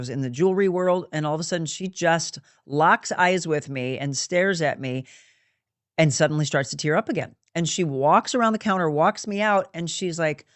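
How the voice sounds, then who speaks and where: A woman hosting a faith-based talk show, telling a story with animated, acted-out dialogue. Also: sits low, no room sound. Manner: animated, acts out quoted dialogue. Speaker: show host.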